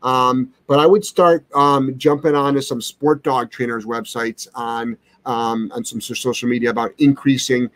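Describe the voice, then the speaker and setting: A man's voice: medium pitch, fairly even intonation, moderate pace, hardly any pauses, a bit bright. A man who trains dogs, hosting a live question-and-answer stream, talking in a blunt, brash and sarcastic way. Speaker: dog trainer, show host.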